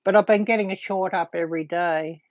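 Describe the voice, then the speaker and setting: A woman hosting a casual livestream, chatting to viewers in a halting way full of ums. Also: on the low side, fairly even intonation, no room sound. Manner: halting, filled with frequent ums. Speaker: livestream host. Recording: dull lo-fi dry sound.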